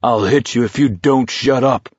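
A male narrator voicing a frightened young man who speaks hoarsely and with strain. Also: medium pitch, moderate pace, no echo, muffled recording, lightly acted. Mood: angry.

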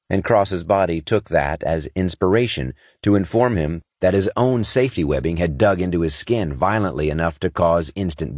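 A man reading scripted narration in a steady, measured way from a close studio mic. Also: low-pitched, no room sound. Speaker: audiobook narrator. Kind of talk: scripted science fiction narration.

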